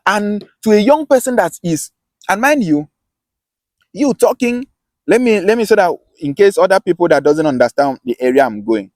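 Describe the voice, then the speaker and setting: Man, Akwa Ibom Nigerian accent, fairly high voice, dry close sound, passionate lecture. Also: expressive, normal speed, a little mellow, no echo. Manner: emphatic, repeats and restarts phrases. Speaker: self-styled teacher. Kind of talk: passionate monologue lesson.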